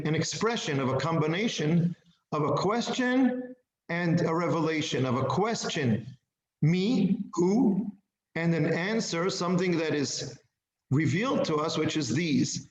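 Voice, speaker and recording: Man teaching slowly in an echoey room. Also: on the high side, lo-fi sound. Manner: slow, deliberate, emphatic on key words; asks class questions. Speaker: Torah teacher. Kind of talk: text study class.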